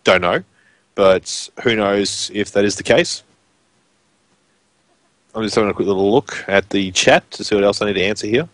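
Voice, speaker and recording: A man's voice: on the low side, moderate pace, long pauses, fairly bright tone, dry recording. A man with a broad rural Queensland Australian accent, chatting casually and rambling on a live stream as a guest commentator. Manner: rambling, informal, filler-heavy.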